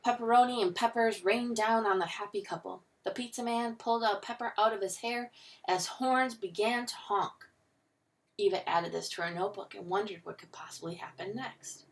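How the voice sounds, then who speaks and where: A woman teacher reading a picture book aloud with expressive storytelling. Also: mid-range voice, moderate pace, far from the mic.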